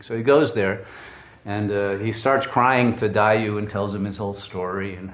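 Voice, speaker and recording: A man giving a spiritual talk, telling a story in an animated, chuckling way with frequent restarts. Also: lowish voice, moderate pace, few pauses, echoey room. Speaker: spiritual teacher.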